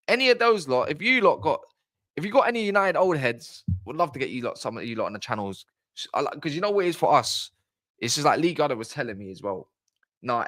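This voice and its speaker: A man's voice: medium pitch, pushed and bright, no echo, clean studio sound. A man hosting a football fan channel, chatting casually on a live stream in a blunt, rambling way and swearing freely.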